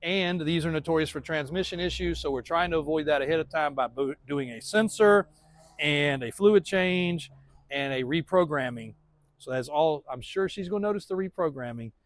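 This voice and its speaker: A man's voice: fairly high pitch, moderate pace. A man in his thirties, a truck shop owner, rambling through a casual walkaround update of his lot, laughing often.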